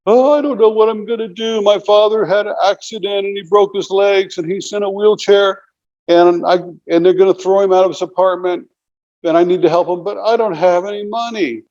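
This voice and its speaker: A man's voice: fairly high pitch, animated, rapid-fire, hardly any pauses, highs cut off, pitched above the performer's own voice. A man putting on a pleading young woman scammer. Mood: tearful pleading.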